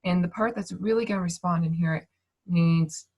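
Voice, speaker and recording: A woman in her thirties, giving a gentle, reassuring talk over a video call and thinking aloud as she goes. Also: lowish voice, moderate pace. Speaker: speaker on emotions and manifestation.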